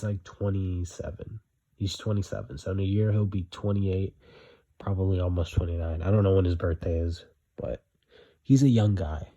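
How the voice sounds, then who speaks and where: A man's voice: low-pitched, mellow. A young man giving blunt, repetitive opinion commentary, hammering his points home.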